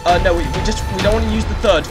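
A man doing excitable let's-play commentary, yelling and trash-talking the enemy as he plays. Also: high voice, racing. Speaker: gaming YouTuber. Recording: game music loud behind the voice.

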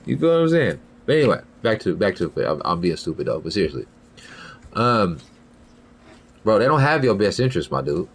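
A man's voice: lowish voice, very animated, fairly quick, slightly rough. A young man hosting a podcast in a rambling, profane casual monologue, often asking "you feel me". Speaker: podcast host.

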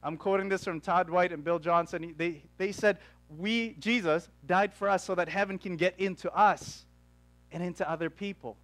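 A young adult man preaching a sermon as pastor, telling a story with quick, animated asides. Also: high-pitched, dry recording. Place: church.

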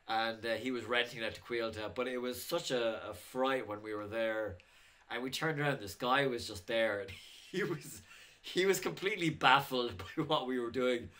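Bright-voiced man telling rambling anecdotes. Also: mid-range voice. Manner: rambling anecdotes with frequent chuckles and fillers. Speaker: indie filmmaker. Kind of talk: casual vlog chat.

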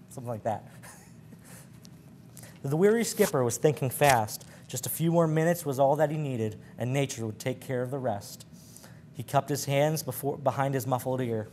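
A man's voice: medium pitch, darkish tone, slight background noise. A man presenting a library program, reading sailor yarns aloud with slips and chuckles. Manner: stumbling, laughing at his slips.

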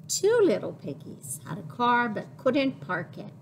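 A woman librarian leading a baby storytime, singing rhymes and reading a picture book in an exaggerated, playful voice with sudden high squeals. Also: very animated, gravelly, a little hiss or hum. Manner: slow, drawn-out and sing-song. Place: public library.

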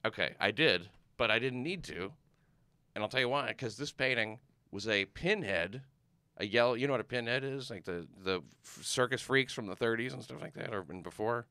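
A man's voice: medium pitch, moderate pace, bright, forceful tone, clean tone, dry recording. A man in casual conversation, rambling through stories with lots of fillers and restarts. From United States. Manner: rambling storyteller, trails off with fillers. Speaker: comedian guest. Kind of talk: casual chat.

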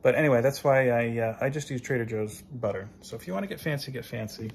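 A chatty man with a gravelly edge to his voice films himself cooking in his home kitchen, holding the camera in his hand. He cracks self-deprecating jokes between steps. A faint hum of room noise sits behind him. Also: medium pitch, quick pace. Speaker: cooking vlog host. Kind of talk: casual self-filmed cooking vlog. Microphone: handheld phone camera.

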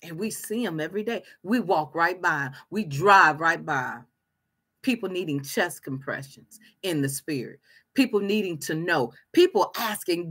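A woman's voice: on the low side, expressive, a little slow, a bit bright, husky, soft background music. A woman preaching a fervent sermon, repeating her phrases for emphasis.

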